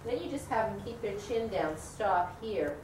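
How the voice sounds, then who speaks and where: In a studio room with a group, a woman with a mid-range, lively voice leads a yoga training class at normal speed. She talks them through breathing conversationally and asks the class questions, recorded on a distant mic in an echoey, noisy room.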